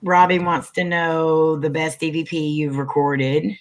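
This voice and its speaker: Host, casual chat, relaxed, reads chat questions, short replies. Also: mid-range voice, measured pace. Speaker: host reading viewer questions.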